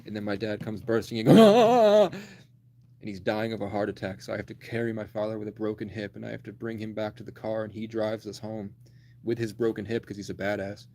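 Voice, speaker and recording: A man's voice: on the low side, little pitch movement, fast talker, vocal fry, darkish tone. A man in his twenties telling a long personal story in a rambling, blunt, profane way on a livestream. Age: 20s.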